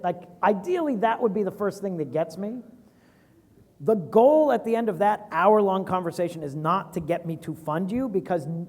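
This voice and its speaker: Lively high-voiced man in an echoey hall. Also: normal speed. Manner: lively, acts out quoted voices, casual. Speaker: venture capitalist guest. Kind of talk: animated fireside chat.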